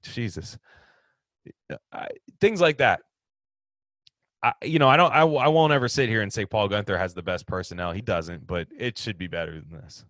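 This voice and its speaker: A man hosting a casual sports talk, answering fan questions in an animated, ranting way that swings from loud outbursts to low mutters. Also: normal speed, long pauses, no echo, clean studio sound.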